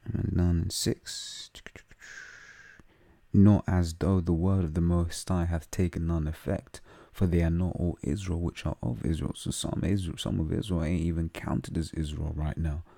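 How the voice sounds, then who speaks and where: A religious teacher with a London accent reads Bible verses aloud, then explains them in casual, slang-heavy talk packed with fillers. His voice is deep, creaky and dark, delivered flatly at normal speed with no room sound.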